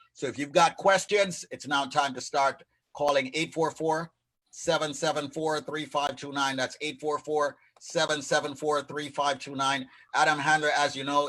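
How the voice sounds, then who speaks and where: A man co-hosts a morning radio show with a bright, forceful voice. He talks like an announcer, energetic and full of banter. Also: fairly high pitch, low-quality recording. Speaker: radio personality, co-host. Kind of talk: radio call-in show talk.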